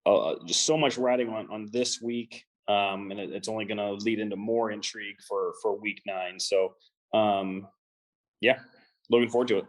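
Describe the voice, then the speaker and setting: A man co-hosting a sports talk podcast, who speaks haltingly with many fillers and restarts. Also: on the low side, steady tone, poor audio. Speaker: podcast co-host.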